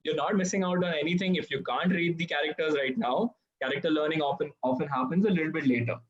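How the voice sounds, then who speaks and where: A man's voice: a little high, fast talker, dull audio. A man moderating a live online class, friendly and apologetic as he relays viewers' questions. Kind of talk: casual live-stream hosting.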